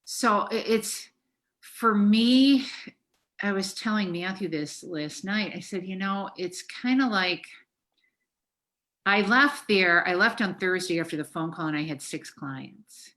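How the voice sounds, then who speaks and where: A woman's voice: medium pitch, takes it slowly, fairly bright tone. A middle-aged woman therapist talking frankly and emotionally on a podcast, swearing freely. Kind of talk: casual podcast conversation.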